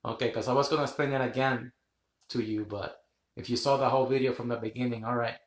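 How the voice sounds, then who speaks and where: A man's voice: medium pitch, fairly even intonation, fast, reverberant. A man hosting a rambling live stream, chatting with viewers, laughing often and swearing casually. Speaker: livestream host.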